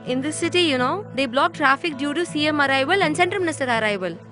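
Keyed-up young woman, high voice, loud music under. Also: lively intonation, fast. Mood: anxious. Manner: anxious, eager. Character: eager, anxious young woman. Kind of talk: film dubbing. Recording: film audio with loud music.

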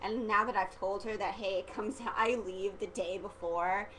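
A woman's voice: medium pitch, fairly even intonation, normal speed, fairly bright tone, slight background noise, rough recording. A teenage girl vlogging casually, rambling and giggly, full of "like" fillers. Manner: chatty and giggly, heavy use of "like" fillers.

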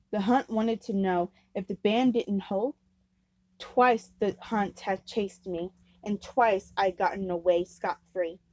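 Slow, mellow woman reading a novel aloud. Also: mid-range voice, no echo, poor audio. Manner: unpolished, with slips and restarts. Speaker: amateur reader.

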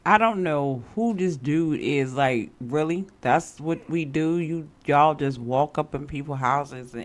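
A woman's voice: sits low, a little slow, hardly any pauses, slight background noise. A woman commentating her own gameplay in a casual way, scolding the game characters and often breaking into laughter. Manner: bossy, scolding, with slang. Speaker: Sims gameplay vlogger.

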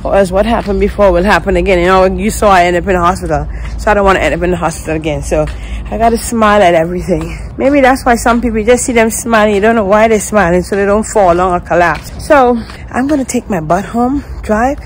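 A woman vlogger chatting casually and excitedly straight to her viewers. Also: medium pitch, fast talker, hardly any pauses, a little hiss or hum, poor audio. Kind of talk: casual vlog chat to viewers.

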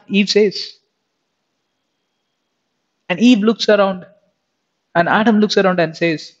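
A man's voice: high voice, slow, long pauses. A man preaching an emphatic sermon who keeps putting questions directly to his listeners. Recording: dull lo-fi sound.

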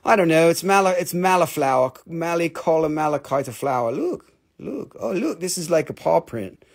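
A man hosts a live stream selling rocks, with a gravelly, slightly raised voice. He rambles excitedly and swears freely. He rushes through each piece as he shows it. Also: fairly high pitch. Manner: talks fast when showing items. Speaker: rock and mineral seller. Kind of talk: live sales stream, casual chat.

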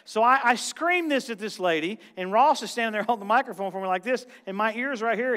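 A man with a somewhat high voice preaches a lively, animated sermon. He jumps between loud, excited bursts and quieter, low-key asides. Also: fairly quick. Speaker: guest preacher.

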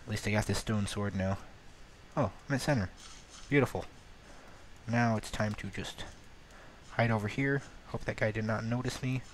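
Male gamer-host, low register, jokey fake accent, self-deprecating play-by-play; noisy, clicky recording. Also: normal speed. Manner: self-mocking, jumps from mumbling to excited outbursts; playing around with a put-on accent. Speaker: gaming video host. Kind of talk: let's-play game commentary.

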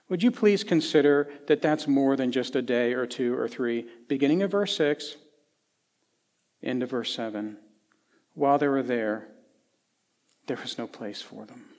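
A middle-aged man from Tennessee, preaching a sermon in a conversational storytelling way with folksy asides, swinging between lively and hushed. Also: mid-range voice. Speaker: pastor. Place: church sanctuary. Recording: long church hall reverb.

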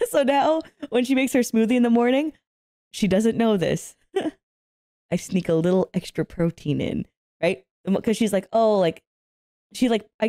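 A young woman hosting an anime reaction video, chatting and telling stories in an animated way, laughing often and swearing freely. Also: medium pitch. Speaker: anime reaction channel host. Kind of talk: casual reaction chat and storytelling.

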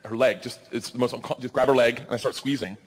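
A man in his forties telling a loud, animated stand-up story before a live audience. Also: medium pitch, quick pace, breathy edge. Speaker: stand-up comedian. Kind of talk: stand-up set.

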